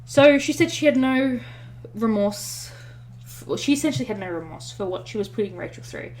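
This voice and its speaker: A woman's voice: a little high, animated, moderate pace, darkish tone. A woman co-hosting a podcast, retelling a story in casual chat with many fillers and self-corrections. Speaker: podcast co-host.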